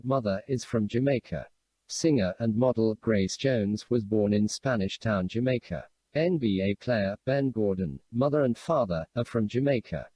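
A man announcing, reading out a list in a steady, even way. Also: lowish voice, husky, no echo.

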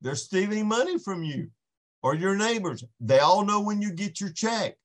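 A man's voice: sits high, lively intonation, moderate pace. A man, a podcast guest, giving an impassioned faith testimony in an earnest storytelling manner with frequent restarts.

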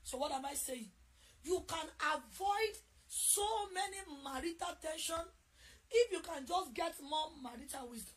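A middle-aged woman with a Nigerian accent preaching a sermon, repeating key phrases and shouting them for emphasis. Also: sits high, animated, unhurried.

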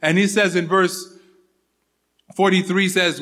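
A man preaching a sermon, repeating his points with emphasis and often dropping to a soft, intimate tone. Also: high voice, moderate pace.

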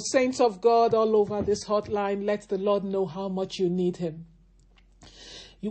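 A woman's voice: medium pitch, a little mellow. A woman leading prayer on a hotline, with fervent, repetitive prayer that drifts into half-singing. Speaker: prayer line leader.

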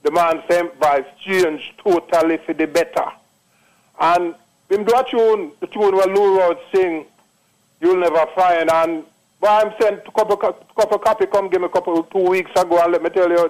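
A man's voice: high-pitched, fairly even intonation, normal speed, darkish tone, low-quality recording. Older Jamaican man, emphatic caller. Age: late 60s. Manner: repeats himself, drops into patois, emphatic. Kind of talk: phone-in testimonial.

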